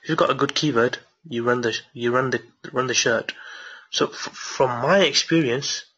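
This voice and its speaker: A man teaching a screen-share marketing tutorial and answering viewer questions, excited and repetitive, with lots of restarts, late at night. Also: mid-range voice, moderate pace, husky, lo-fi sound. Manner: enthusiastic, repeats himself, many restarts.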